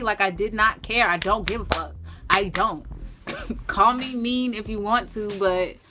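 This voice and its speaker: A young woman telling a storytime vlog in an animated, profane, emphatic way. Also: mid-range voice, moderate pace, soft background music. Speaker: vlogger.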